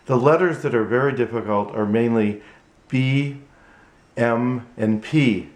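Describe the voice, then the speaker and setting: A man teaching ventriloquism in a tutorial vlog, halting and repetitive, with frequent restarts. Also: medium pitch. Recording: echoey room.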